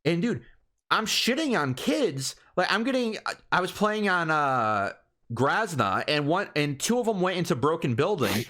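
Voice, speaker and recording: A man co-hosting a podcast, talking casually in an animated, profane and boastful rant. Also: a little high, normal speed. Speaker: podcast co-host. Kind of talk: casual chat.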